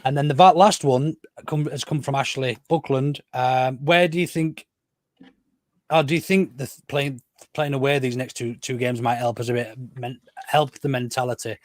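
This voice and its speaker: On a casual football podcast, a man acts as host, leading the conversation and questioning his guests. His voice is fairly high with a darkish tone, recorded without echo.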